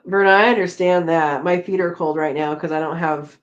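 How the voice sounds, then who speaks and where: A woman with a lowish voice, speaking a little slowly, hosts a homesteading live chat where she reads viewer comments out loud. Her manner is laid-back and chatty, with frequent laughter and fillers as she trails off, and the audio has its highs cut off.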